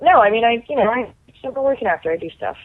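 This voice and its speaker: A woman, a guest actor telling stories in a chatty, animated way full of "like" fillers. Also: on the high side, fast talker. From Canada. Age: 30s. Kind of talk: casual storytelling. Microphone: phone call. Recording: tinny phone line.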